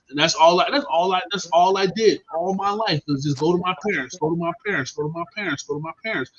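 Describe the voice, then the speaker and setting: A man hosting a podcast, telling stories in a casual, animated and profane way. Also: sits high, fairly quick, slightly rough. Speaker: podcast host. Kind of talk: casual storytelling chat. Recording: dull lo-fi stream audio.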